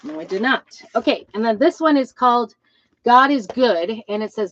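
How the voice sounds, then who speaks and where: Animated and a little high-pitched, a woman chats her way through a show-and-tell vlog of new craft designs at a normal speed, full of ums and asides. Her tone is fairly bright. She identifies as a trumpet player and is fussy about instrument details; the dry, dull, slightly lo-fi recording has no room sound.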